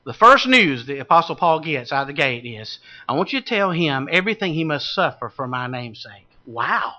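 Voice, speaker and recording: A man preaching a sermon, swinging from loud calls to hushed low asides. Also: sing-song, moderate pace, lo-fi sound. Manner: dramatic shifts from shouting to hushed low tones.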